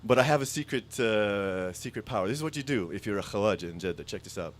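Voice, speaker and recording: A man doing a stand-up comedy set, telling rambling stories with self-mocking asides and quick jumps into voiced impressions. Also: on the low side, animated. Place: stage before a live audience.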